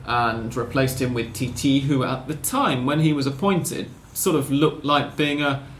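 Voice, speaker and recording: A man's voice: medium pitch, a little slow, a bit bright, roomy sound, slight background noise. A man hosting a casual football podcast, talking in long rambling sentences with wry self-corrections. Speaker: podcast host.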